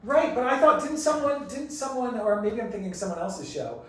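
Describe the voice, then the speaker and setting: A man chatting casually as a guest, halting and repeating words as he recalls things. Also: high-pitched, sing-song, fairly bright tone. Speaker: cartoon creator guest. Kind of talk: casual chat. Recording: echoey room, mic far off.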